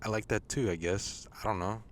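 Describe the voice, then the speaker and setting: A young man with a fairly low voice co-hosts a laid-back podcast. He jokes around and hesitates a lot, and he swears casually as he talks. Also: steady tone, brisk. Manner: joking, hesitant, swears freely. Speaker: podcast co-host. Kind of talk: casual chat.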